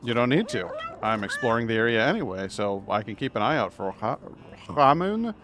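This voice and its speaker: A man's voice: medium pitch, sing-song, fairly quick, natural voice. A man voicing a small, friendly, curious kitten in a chirpy, raised voice.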